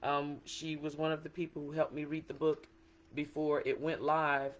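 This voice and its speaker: A middle-aged woman author in a casual livestream talk, excited and chatty, greeting viewers by name. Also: sits low, moderate pace. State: a little emotional.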